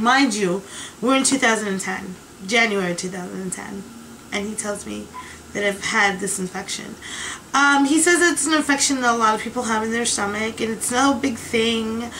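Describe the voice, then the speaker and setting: A woman talks through a casual video diary in a bright, sharp-edged voice set a little high. She rambles and vents with chatty exasperation, and she rarely pauses. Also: a little hiss or hum, rough recording. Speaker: vlogger.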